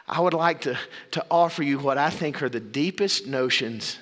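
A man preaching a sermon as pastor, with dramatic pauses and sudden drops to low, quiet phrases. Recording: long reverb of a big hall.

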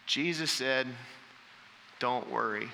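A man's voice: medium pitch, slow pace, vocal fry, bright, forceful tone, big-room sound, a little hiss or hum. A man preaching a sermon as pastor, reading scripture aloud with rising emphasis.

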